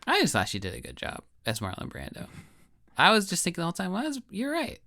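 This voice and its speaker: Laid back guy cohost, lowish gravelly voice, kinda lively pitch, dry sound. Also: quick pace, no room sound. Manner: laid-back, short agreeing replies. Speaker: podcast co-host. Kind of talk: casual chat.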